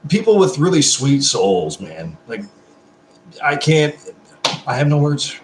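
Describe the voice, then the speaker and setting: A man on a casual live stream, his pitch swinging widely as he rambles in an effusive, profane way. He is drinking beer between comments, and his voice rings in an echoey room. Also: sing-song, slow pace, background noise. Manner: drinking beer while talking.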